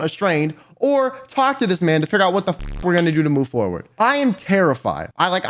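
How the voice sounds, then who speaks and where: A young man telling a dramatic storytime vlog in an animated, profane and exaggerated manner. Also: high-pitched. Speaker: YouTuber.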